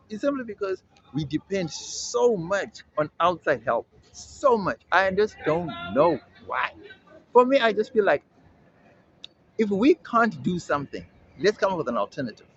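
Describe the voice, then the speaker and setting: Insistent animated man from South Africa. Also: high-pitched, normal speed. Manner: insistent, repeats his points, slangy asides. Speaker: opinion vlogger. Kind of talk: emphatic opinion monologue to camera. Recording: slightly dull audio with faint ambient hiss.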